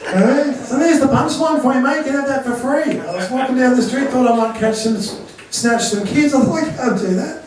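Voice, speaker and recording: On a comedy venue stage, a middle-aged MC hosts a stand-up night with brash, profane, sarcastic banter, his voice extremely high-pitched and brisk. The recording is echoey and distant, capturing the crowd and their laughter.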